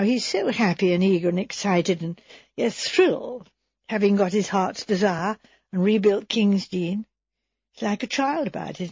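A woman voicing an impulsive, warm-hearted young woman who talks earnestly and haltingly. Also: medium pitch, slightly rough, dry recording, muffled recording.

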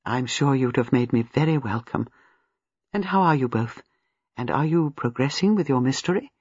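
A reader putting on a placid, brisk old lady, gently polite and a little low and soft. The voice is husky, in a dry, close recording. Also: animated, no echo, highs cut off, heavily acted. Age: older. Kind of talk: audiobook character voice.

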